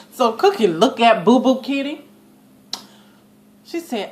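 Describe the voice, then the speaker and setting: A woman's voice: on the high side, unhurried. Chatty woman recapping a TV episode. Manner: chatty and animated, shrieking with laughter at the twists; gives each line of dialogue in passing. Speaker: TV recap vlogger.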